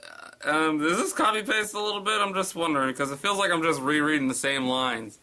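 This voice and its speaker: Reading a creepy tale aloud, this narrator keeps interrupting his hushed delivery with exasperated, sarcastic comments. He's a man with a fairly quick pace and a voice on the high side.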